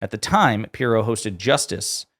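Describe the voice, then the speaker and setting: A man with a slightly low voice hosts online political commentary. He reads quotes aloud, then adds blunt, sarcastic asides in a casual, offhand way. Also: expressive, measured pace, creaky, fairly bright tone.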